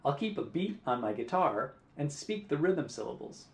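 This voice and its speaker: A man teaching guitar rhythm, counting beats aloud in a clear, patient way. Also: on the high side, very animated, normal speed, hardly any pauses, very noisy. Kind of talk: music lesson. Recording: roomy echo.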